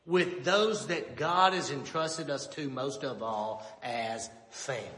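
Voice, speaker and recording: High, bright-voiced preacher in an echoey church. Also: male voice. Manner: measured, storytelling preacher. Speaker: pastor. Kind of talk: sermon with scripture reading.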